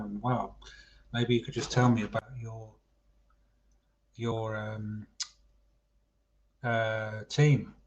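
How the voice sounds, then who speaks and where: Bloke doing a live football chat stream, average pitch, chatty, calls everyone mate, kinda dull lo-fi audio. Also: male voice, darkish tone. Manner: chatty, addresses viewers as mate. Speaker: livestream football chat host.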